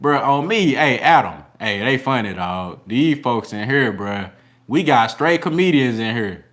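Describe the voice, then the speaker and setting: A man's voice: medium pitch, lively intonation, a little slow, fairly bright tone. A man hosting a casual boxing livestream, reading super chats with slangy, laughing banter.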